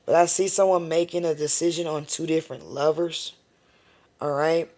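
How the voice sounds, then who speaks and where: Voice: mid-range voice, steady tone, normal speed, dark tone. A tarot reader doing a live-stream reading, talking in a casual, profane and rambling way and often checking in with viewers by asking "okay?" and "all right?".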